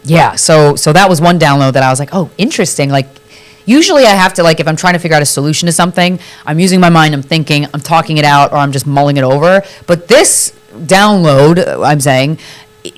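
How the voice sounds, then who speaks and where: A woman's voice: deep voice, a little fast. A woman hosting a live podcast from a studio, talking in a rambling, reflective way with lots of fillers and restarts. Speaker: podcast host. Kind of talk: casual live chat.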